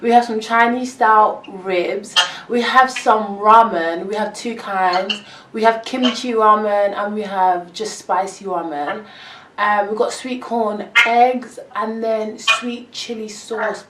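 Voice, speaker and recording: A young woman with a London accent chatting excitedly through a mukbang vlog, rambling and giggling between bites. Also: medium pitch, measured pace, distant mic, background noise. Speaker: vlogger. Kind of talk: casual mukbang chat. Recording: roomy echo, mic some way off.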